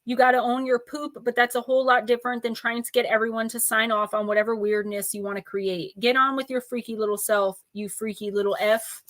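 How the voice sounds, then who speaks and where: Reeling off lists of viewer names, a woman does oracle card readings on a live stream in a blunt, playful way with a little profanity. Her slightly high, somewhat bright voice is flat and fairly quick, with hardly any pauses, and the audio has no room sound.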